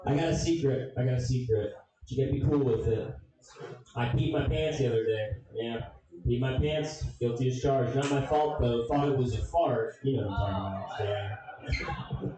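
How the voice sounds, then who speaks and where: A young man doing a stand-up comedy set, telling a story with swearing and loud funny voices. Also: mid-range voice, moderate pace. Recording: echoey room, distant mic.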